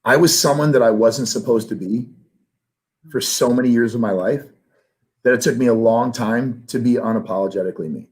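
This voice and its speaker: A man's voice: medium pitch, fairly quick, poor audio. Earnest, emotional man in an interview. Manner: earnest and emotional, grows louder when passionate. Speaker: guest, sales trainer and life coach. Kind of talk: candid interview talk.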